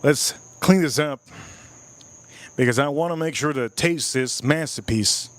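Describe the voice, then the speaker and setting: Brief: male livestream host, slightly higher voice, playful and repetitive banter with chat. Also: measured pace. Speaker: livestream host reviewing whiskey. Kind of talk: casual live-stream chat.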